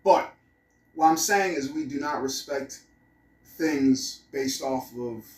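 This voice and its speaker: A man's voice: mid-range voice, slow, darkish tone, echoey room, distant mic, poor audio. A man vlogging casually at home, rambling and cursing as he muses aloud. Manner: rambling, profane, musing aloud. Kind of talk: casual vlog monologue. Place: room at home.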